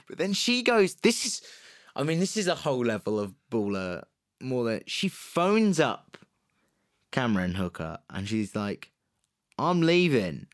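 A podcast co-host with a medium-pitched voice casually tells a true-crime story. He's animated and jokey, slipping into quick put-on voices.

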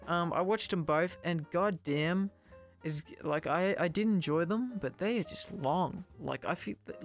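A young man hosting a casual solo podcast, rambling, joking at his own expense and stumbling over words. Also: fairly high pitch. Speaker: podcast host.

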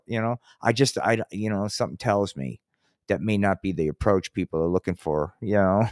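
A man's voice: lowish voice, normal speed, darkish tone, no room sound, studio quality. An older man hosting a podcast, rambling through a casual, profane monologue full of restarts. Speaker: podcast host. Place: Colorado.

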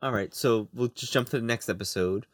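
A man's voice: medium pitch, fairly quick, no echo, studio quality. A man co-hosting a podcast, reviewing episodes casually and stumbling over his words. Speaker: podcast co-host.

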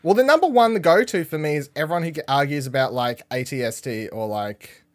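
Man, podcast host, casual chat, rambling, energetic, slightly high voice. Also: brisk.

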